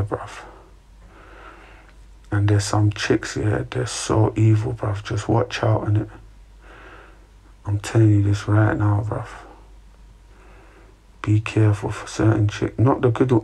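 A young man talks casually to his livestream chat in a flat, low, husky voice. He speaks with a mellow, dark tone, dropping "bruv" and "innit" into nearly every line while he gives earnest advice. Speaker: livestream host.

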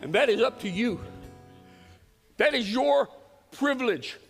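High, gravelly preacher man. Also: animated, a little slow. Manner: emphatic, folksy and earnest, dropping to a hush. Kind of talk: sermon. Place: church sanctuary. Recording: reverberant church hall with soft guitar.

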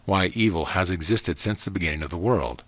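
Deep-voiced man reading a minister, earnest, eager, questioning, a bit hesitant, dry sound, storybook. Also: a little fast, fairly bright tone, no room sound.

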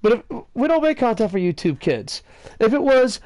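A man's voice: very high voice, normal speed, no echo. A man hosting a casual gaming video, rambling through jokes, sarcastic rants and cursing while chatting with a friend off-mic. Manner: excitable, talks to a friend off-mic.

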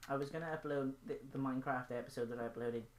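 A woman's voice: rumbling low, fairly even intonation, quick pace, a little hiss or hum. A young woman chatting casually over a game in her vlog, rambling, silly and playful as she plays. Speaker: gaming channel host. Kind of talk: casual gaming vlog commentary.

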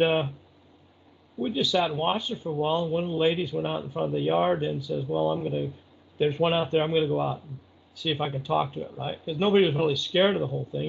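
A middle-aged man recounting a story in a loose, rambling way, with lots of "you know" and "uh". His voice is gravelly and husky, a little higher than most men's. The audio is dull and lo-fi. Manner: rambling, conversational, many fillers. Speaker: interview guest. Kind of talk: casual storytelling.

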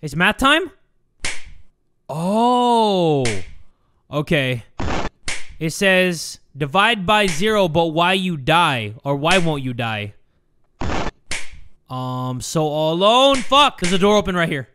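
A man giving excitable let's-play commentary, shouting and swearing at the game. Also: fairly high pitch, slow pace, noisy background. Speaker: gaming YouTuber.

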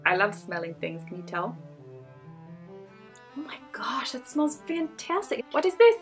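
Giggly high-voiced young woman unboxing. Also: very animated, measured pace, long pauses, faint music behind. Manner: gushing, giggly, reads labels aloud. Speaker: beauty vlogger. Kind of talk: casual product unboxing.

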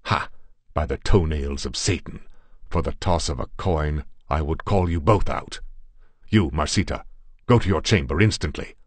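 A man voicing a slim young Italian brother who speaks softly but with fierce intensity. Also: very deep voice, moderate pace, no echo.

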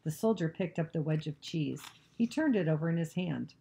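A woman narrating a novel, reading aloud in a steady, even storytelling manner. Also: low voice, brisk, vocal fry.

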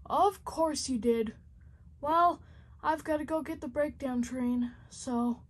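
A woman's voice: high-pitched, slow pace. Woman doing a fretful dutiful shunting engine.

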